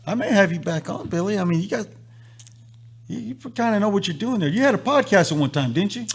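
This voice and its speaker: This live-stream host has a high, slightly rough voice with vocal fry and talks a little fast. Telling a long story, he performs the quotes of everyone involved with animated flair.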